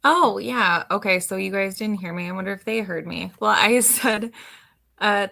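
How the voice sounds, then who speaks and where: A woman's voice: medium pitch, normal speed, vocal fry, sharp tone. A woman from Wisconsin, a guest on a livestream, chatting in a playful way. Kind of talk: casual chat.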